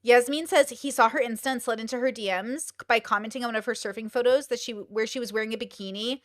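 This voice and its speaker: A woman's voice: a little high, fast talker, a bit bright, dry recording, clean studio sound. Blunt, swearing young woman streamer. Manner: blunt, profane and exclaiming; fires off rhetorical questions. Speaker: streamer host. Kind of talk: casual live-stream commentary.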